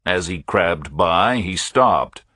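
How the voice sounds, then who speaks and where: Deep-voiced, husky male audiobook narrator. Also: expressive, slow pace, sharp tone, no room sound, clean studio sound. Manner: laconic and matter-of-fact. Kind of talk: scripted first-person thriller narration.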